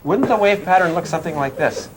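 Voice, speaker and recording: A man's voice: high voice, animated, fast, background noise. An older man giving a physics lecture to a class in a playful way, often asking questions and making sound effects.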